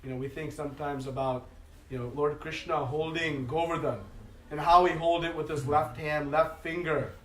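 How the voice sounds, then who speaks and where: A man's voice: on the high side, fairly even intonation, normal speed, a little hiss or hum. A man giving a devotional class, telling a sacred story expressively, with frequent fillers. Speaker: speaker giving a religious class. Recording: echoey hall, mic at a distance.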